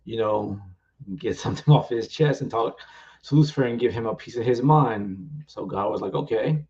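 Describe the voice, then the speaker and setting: A man's voice: lowish voice, normal speed, a little mellow, highs cut off. A man and author talking casually about his book on a live stream, rambling and filler-heavy.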